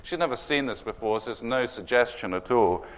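A man preaching a sermon, telling a story in an earnest way and slowing down to stress key words. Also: mid-range voice, lively intonation.

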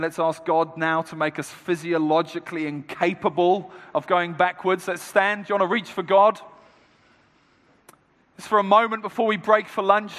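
Preacher, male, high voice, declamatory and rousing, big reverberant hall. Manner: declamatory, building to loud exhortation. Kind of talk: rousing sermon.

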